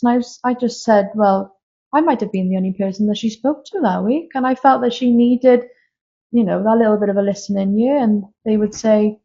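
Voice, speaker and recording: Speaking fairly quickly in a warm, slightly high voice with fairly even intonation, a woman in her thirties recounts candid, emotional personal stories. She's a guest medium in a casual interview shot live in a castle room, and the audio is slightly dull and lo-fi.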